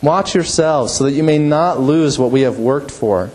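A male pastor preaching a sermon, emphatic, rising to forceful peaks and dropping low. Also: normal speed, rough recording.

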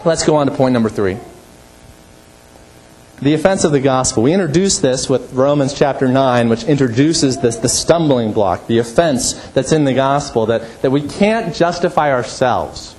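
A male pastor preaching a sermon, emphatic, rising to forceful peaks and dropping low. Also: normal speed, slight background noise, rough recording.

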